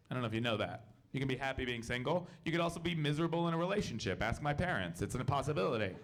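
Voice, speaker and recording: A man performing a stand-up comedy set on stage, telling stories deadpan and acting out loud quotes. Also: fairly high pitch. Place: comedy club stage with a laughing audience.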